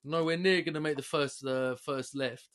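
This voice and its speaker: A young man with a London accent telling rowdy stories on a casual podcast, swearing freely and jumping between loud and quiet. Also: moderate pace, noisy background. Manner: animated, swearing, big jumps in pitch and loudness. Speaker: podcast co-host. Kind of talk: casual storytelling chat.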